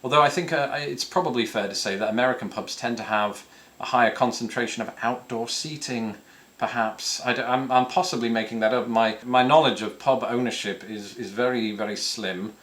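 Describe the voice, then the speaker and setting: A man's voice: mid-range voice, fairly even intonation, brisk, fairly bright tone. A man from the north of England, hosting a casual question-and-answer video from home, rambling and self-deprecating with many fillers and restarts. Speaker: YouTube host answering viewer questions. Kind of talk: casual chat. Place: home, with a cat nearby.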